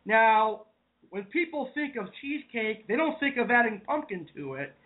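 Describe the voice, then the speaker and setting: A man's voice: extremely high pitch, sing-song, normal speed. A man from Massachusetts, hosting a casual online cooking show and chatting to viewers as "folks". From Massachusetts, New England. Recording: tinny phone-like audio.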